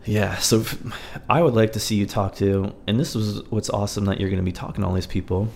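Gravelly low-voiced man chatting. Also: level tone, fast, a little mellow, a little hiss or hum. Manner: loose, swearing storyteller. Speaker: podcast host. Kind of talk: casual chat.

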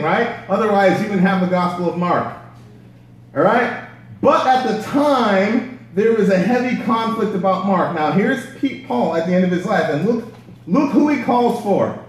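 A man preaching a sermon, telling the story in a casual, slangy way. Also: high voice. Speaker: pastor. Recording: echoey hall from far off.

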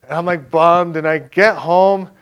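Slightly high and steady, this man's voice sounds fairly bright and clean, though the recording is lo-fi. He tells his personal faith story casually, full of "like" and "right?", quickly voicing what others said in back-and-forth exchanges as he spins his tale.

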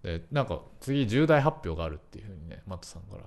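A man's voice: low-pitched, big pitch swings, very fast, a little mellow. A man hosting a casual podcast, eagerly asking questions and reacting with constant backchannels. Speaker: podcast host.

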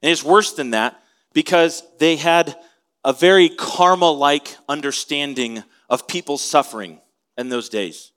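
A man's voice: a little high, unhurried, fairly bright tone, smooth. Conversational male pastor teaching. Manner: conversational, asks the listeners questions. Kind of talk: expository sermon.

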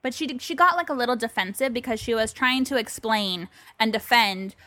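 A woman's voice: fairly high pitch, moderate pace, sharp tone, no room sound. A woman co-hosting a podcast in casual chat, telling a story with animation and acting out both sides of a phone call. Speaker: podcast co-host. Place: bedroom.

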